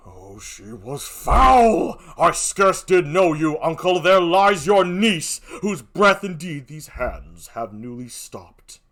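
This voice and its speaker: An older man voicing a grieving, tormented general, in a slow and heavy delivery. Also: fairly high pitch, a bit bright. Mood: anguished.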